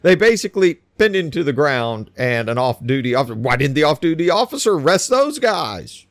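A man's voice: fairly high pitch, very animated, a little fast, dry recording, studio quality. A man hosting a podcast, giving sarcastic, ranting commentary on the news. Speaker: podcast host.

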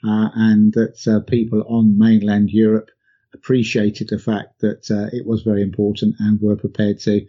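A man co-hosting a history discussion, speaking in a measured way with many ums and uhs. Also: on the low side, monotone, dark tone, highs cut off. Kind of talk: casual discussion.

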